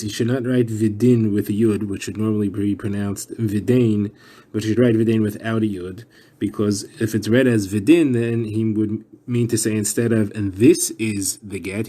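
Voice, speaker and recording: A man with a low, warm voice teaches a Talmud page. He explains in a steady, even way and moves through Hebrew and Aramaic terms one by one.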